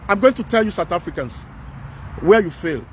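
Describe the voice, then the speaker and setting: Nigerian man, high-pitched, impassioned repetitive commentary, light outdoor hum behind. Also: lively intonation, normal speed. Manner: preachy, repetitive, emphatic. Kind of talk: impassioned monologue.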